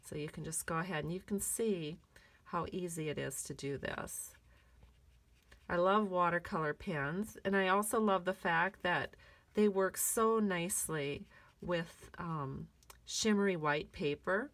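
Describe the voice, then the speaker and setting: A woman's voice: lowish voice, measured pace, fairly bright tone. A woman demonstrating a card-making technique in a tutorial, chatty and encouraging as she works through each step. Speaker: craft demonstrator.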